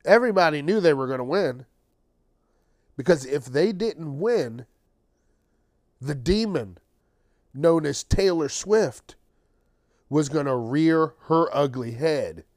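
A man's voice: on the high side, expressive, takes it slowly, long pauses, a little mellow, dry recording, studio quality. A man hosting his own podcast, ranting casually and sarcastically with plenty of swearing, tired late at night. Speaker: podcast host. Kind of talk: casual solo monologue.

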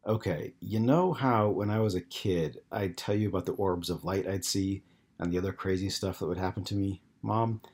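A man reading the part of a troubled young man in his twenties, speaking slowly and earnestly in his own low, husky voice. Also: darkish tone. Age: 20s.

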